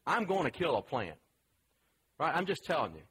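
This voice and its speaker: A man's voice: a little high, wildly swooping pitch, moderate pace, a bit bright, slightly rough, rough recording. A man preaching a sermon in a conversational, emphatic way, asking the listeners questions.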